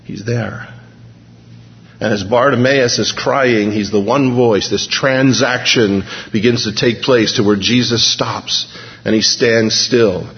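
A male preacher giving a sermon, dramatic, swinging between hushed and emphatic delivery. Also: medium pitch, fairly even intonation, unhurried. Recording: dull recording, long hall reverb.

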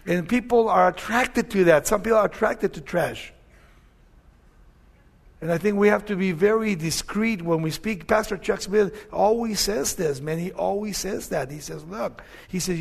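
A man's voice: high voice, normal speed, creaky. Older man preaching with an accent. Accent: Spanish-accented English. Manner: conversational preaching, rising to emphatic questions. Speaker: pastor. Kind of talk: sermon.

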